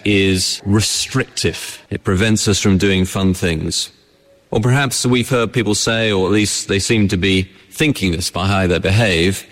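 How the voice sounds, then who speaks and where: In a church, a pastor with a lowish voice preaches to his congregation in a conversational tone, frequently posing rhetorical questions to them. A long reverb tail follows his words.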